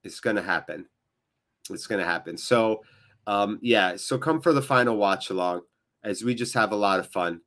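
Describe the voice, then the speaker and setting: A man's voice: lowish voice, normal speed, fairly bright tone. An American man hosting a live football watchalong, chatting in a rambling, casual way straight to his viewers, sounding emotionally drained. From United States. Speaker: watchalong host.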